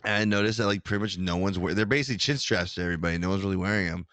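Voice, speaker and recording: A man telling a story in casual chat, rambling and animated, with many restarts. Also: low-pitched, racing, no room sound. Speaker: podcast co-host telling a story.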